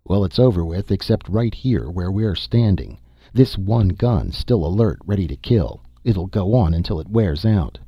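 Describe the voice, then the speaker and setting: A man's voice: sits low, normal speed, breathy edge, no echo, highs cut off. A man voicing a grim, commanding expedition leader. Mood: grave. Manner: firm, commanding delivery. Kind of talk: audiobook character reading.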